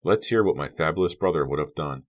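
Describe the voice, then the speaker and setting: A deep-voiced man doing an edgy teenage boy. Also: animated, fast. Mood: irritated. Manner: rising and sharp in anger. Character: teenage boy, tense and defensive.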